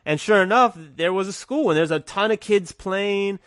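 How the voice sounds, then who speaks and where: A man's voice: high-pitched, normal speed, fairly bright tone, no room sound, studio quality. A man guest with a stuffy nose, telling a loose, rambling story in casual talk.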